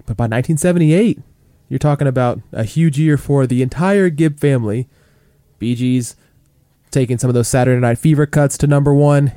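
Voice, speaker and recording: A man hosts a chart countdown in a relaxed, chatty way, with plenty of "you know" and "like" fillers. His voice is mellow and smooth. The mic is close and dry, with no room sound. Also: medium pitch, no echo. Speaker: podcast co-host counting down chart hits. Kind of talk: casual chart countdown chat.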